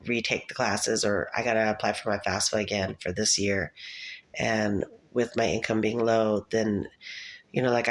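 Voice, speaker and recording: A woman talking to the camera in a casual, rambling monologue, chatty and laughing often. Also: a bass voice. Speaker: vlogger.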